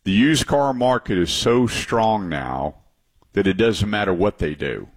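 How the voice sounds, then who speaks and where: A middle-aged man hosting a talk radio show, a bit low in pitch. He chats loosely and tells stories with a joking edge. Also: a little slow. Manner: chatty, lively storyteller with laughs.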